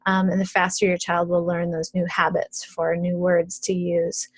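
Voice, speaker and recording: A woman's voice: lowish voice, completely flat delivery, moderate pace, slightly rough, no room sound. A middle-aged woman, an early childhood educator, talks parents through a tutorial step by step in a conversational way, with frequent ums and restarts.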